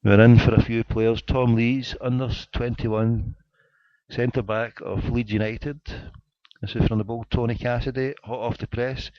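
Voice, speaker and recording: A man's voice: mid-range voice, level tone, unhurried, dry recording. Man ranting on a dull lo-fi stream. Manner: mock-indignant and joking, talking to a live chat. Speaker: internet radio host. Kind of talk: casual live radio rant. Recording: dry, dull lo-fi internet radio sound.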